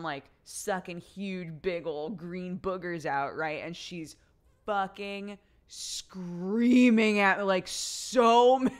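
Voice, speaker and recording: A young adult woman livestreamer telling a story in casual chat, swearing freely along the way. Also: deep voice. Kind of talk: casual chat to a live audience.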